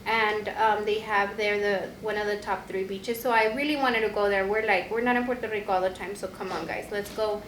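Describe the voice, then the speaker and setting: A woman's voice: mid-range voice, fairly even intonation, a little fast, hardly any pauses, a bit bright, reverberant, slight background noise, poor audio. A young woman hosting a casual podcast chat, telling a travel story with a lot of laughter. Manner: chatty storyteller, laughs often. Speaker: podcast co-host.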